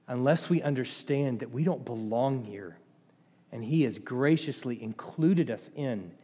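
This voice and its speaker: A man preaching a sermon as pastor, passionate, rising to loud emphatic peaks and dropping to low, quiet asides. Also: breathy edge. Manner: impassioned, swings between loud and quiet. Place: church sanctuary. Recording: long hall reverb.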